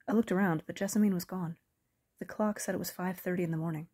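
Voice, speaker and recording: A woman reading a first-person audiobook novel in a measured, even storytelling manner. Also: lowish voice, husky. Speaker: audiobook narrator.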